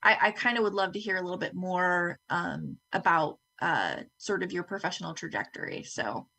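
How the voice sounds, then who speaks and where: A woman moderating a conference panel, thanking speakers and asking questions in a measured way. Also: on the low side, lively intonation, gravelly, no room sound. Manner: warm thanks, measured, many ums.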